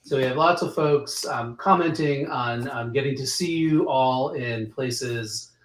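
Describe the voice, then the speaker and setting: A man moderating a livestream, reading out viewer comments and questions with frequent pauses and ums. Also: medium pitch, echoey room. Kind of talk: casual livestream chat.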